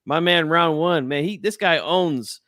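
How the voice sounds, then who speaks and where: Friendly higher-voiced man hosting a call-in. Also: measured pace, dry recording, studio quality. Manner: relaxed, friendly, says "man" often. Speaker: host of a boxing call-in show. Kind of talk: casual live-stream chat.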